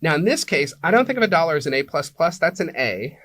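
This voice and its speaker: A man's voice: fairly high pitch, very animated, fast, fairly bright tone, no echo. A man being interviewed as an apartment locator, explaining things like a teacher and checking in with "right?" and "okay?" as he goes.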